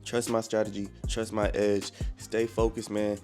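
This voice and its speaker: Laid-back young man, mellow low voice. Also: monotone, normal speed, faint music behind. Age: 20s. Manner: laid-back slang-heavy talk, calls viewers bro. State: a little out of breath. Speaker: day trader vlogger. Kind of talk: casual vlog with market updates.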